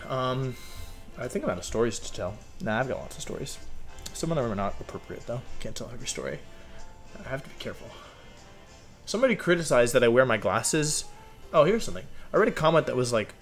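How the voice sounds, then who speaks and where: Recording a game video at his home desk, a young creator chats casually with viewers, rambling, self-mocking and talking to himself. He speaks briskly at medium pitch with lively intonation and long pauses, while soft music plays in the background.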